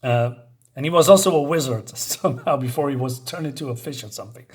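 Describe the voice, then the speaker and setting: A man's voice: mid-range voice, quick pace. A man casually retelling and reviewing a comic book, rambling along with fillers and small chuckles.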